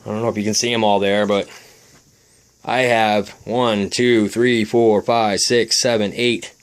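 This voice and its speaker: A man's voice: fairly low pitch, flat delivery, unhurried, smooth. A man vlogging about his RC plane, agitated, swearing, and often restarting his sentences indoors at home. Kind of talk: casual vlog.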